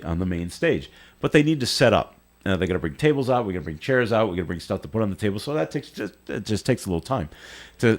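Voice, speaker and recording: A male radio host telling a long, animated story in a casual on-air chat, often restarting his sentences. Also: low voice. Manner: rambling, animated anecdote with frequent restarts. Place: radio studio.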